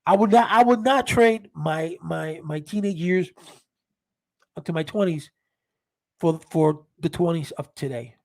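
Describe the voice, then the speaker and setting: A man telling profane street stories in a casual, animated monologue, full of restarts. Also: a little high, a little slow, gravelly, rough recording. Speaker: podcast host.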